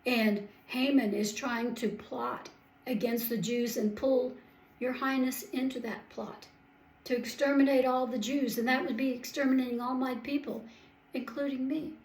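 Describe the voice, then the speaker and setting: A gracious, courageous young queen, as a woman storyteller puts her on. She speaks politely and earnestly, in a somewhat high voice. The room around her is echoey. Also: steady tone, moderate pace, darkish tone. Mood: pleading.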